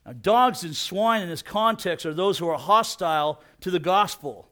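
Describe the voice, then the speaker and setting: A middle-aged man giving a casual, energetic sermon, peppering his talk with "man" and asking "you know what?". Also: on the high side, moderate pace, hardly any pauses. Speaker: preacher.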